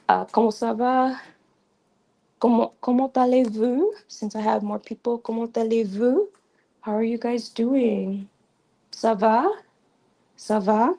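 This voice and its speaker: A woman's voice: a little high, creaky, warm tone, low-quality recording. A woman hosting a casual livestream lesson, chatty and repetitive with many ums and restarts, on a slightly fuzzy mic. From Creole. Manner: chatty, repeats phrases, frequent ums and restarts. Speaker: livestream host teaching basic French. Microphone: new mic with a fuzzy sound.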